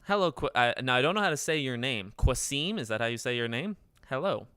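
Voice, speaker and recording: A man's voice: mid-range voice, expressive, quick pace, bright, forceful tone, clean tone, no echo. Young man, livestream host, casual rambling chat, dry close sound. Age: 20s. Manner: rambling, self-correcting, chatty with viewers.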